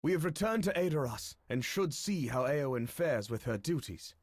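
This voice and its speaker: Game NPC: a formal, watchful fantasy companion, husky and dry. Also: male voice, on the high side, expressive, normal speed, no room sound.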